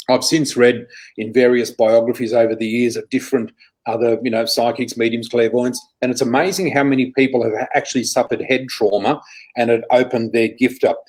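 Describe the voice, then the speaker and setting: A man's voice: medium pitch, level tone, a little fast, a little mellow, slightly rough, poor audio. Chatty Australian man telling stories. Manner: chatty, self-correcting, acts out quotes. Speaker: guest psychic. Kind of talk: anecdotal interview storytelling.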